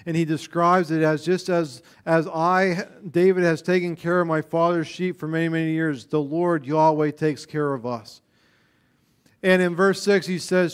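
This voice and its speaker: A man preaching a sermon as pastor, rising to loud emphatic passages and dropping to quiet, low stretches. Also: smooth.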